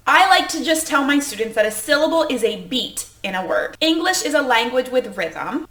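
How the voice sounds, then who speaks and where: An enthusiastic woman teacher walks through a phonics lesson in a clear, explanatory way. Her voice sits a little high and rings bright. The room around her sounds echoey.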